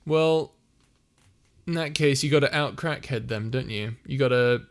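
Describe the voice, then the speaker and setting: A man's voice: mid-range voice, measured pace. Young man chatting on a stream. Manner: chatty and playful, laughs often. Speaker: streamer and audio creator. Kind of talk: casual live-stream chat, reading viewer comments.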